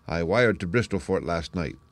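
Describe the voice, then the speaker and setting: A man voicing a confident male detective in an audiobook, crisp and brisk, pitching his voice up and speaking louder for the role. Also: no echo, close to an everyday voice. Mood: explaining. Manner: brisk, crisp, declaiming deductions. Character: sharp, confident male detective, lively and assured. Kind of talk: audiobook character reading.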